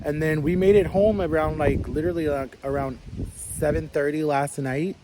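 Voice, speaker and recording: A man in his thirties rambles through a story in a casual vlog, his voice sitting a little high for a man. He talks loosely, with plenty of "like" and restarts. Clear outdoor street and traffic noise runs behind him. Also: steady tone, normal speed. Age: 30s. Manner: rambling, chatty, lots of "like" and restarts. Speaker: vlogger.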